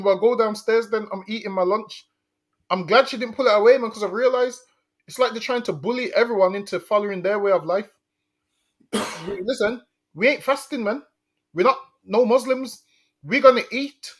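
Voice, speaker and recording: High-voiced blunt male co-host. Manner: blunt, emphatic, repeats himself. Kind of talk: casual commentary chat.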